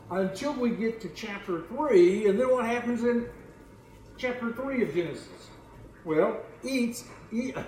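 A man preaching a sermon, often repeating his words and asking the congregation questions. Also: sits high. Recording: echoey room, faint background noise.

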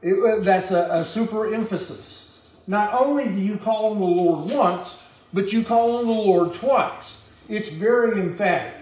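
A man's voice: sits high, a little slow, a little mellow, echoey room, low-quality recording. A man preaching a sermon, reading scripture aloud and pressing its points on his listeners in an earnest, emphatic way. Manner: earnest, emphatic, addresses the congregation directly.

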